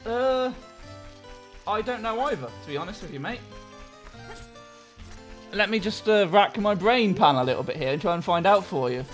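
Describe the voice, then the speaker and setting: Jokey gamer dude reading walkthrough tips, lively voice, faint music. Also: male voice, high-pitched, moderate pace, long pauses. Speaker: let's play co-host looking up a walkthrough. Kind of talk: casual gaming chat.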